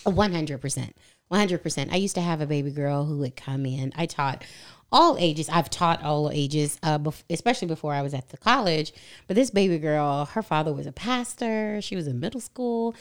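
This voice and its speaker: A woman's voice: sits low, animated, normal speed, clean tone. A woman voice teacher telling stories on a podcast in a casual, effusive way.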